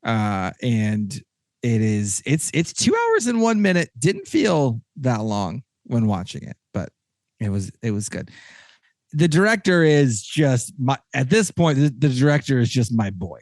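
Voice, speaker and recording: A man hosting a casual podcast chat with a Texan accent, rambling and excitable, with many restarts. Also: mid-range voice, a little slow, no echo, studio quality. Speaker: podcast host.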